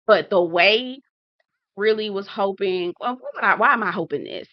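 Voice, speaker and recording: A woman's voice: mid-range voice, normal speed, no room sound, dull audio. Sassy, profane woman recapping reality TV. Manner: sassy, blunt, profane, animated. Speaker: TV recap host.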